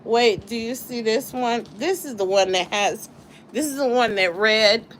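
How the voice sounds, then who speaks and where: An unhurried woman talks to her livestream viewers from home. She sounds chatty and incredulous. Faint household sounds can be heard behind her. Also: fairly high pitch, fairly bright tone, a little hiss or hum, rough recording. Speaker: livestream host. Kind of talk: casual livestream chat. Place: home with dogs nearby.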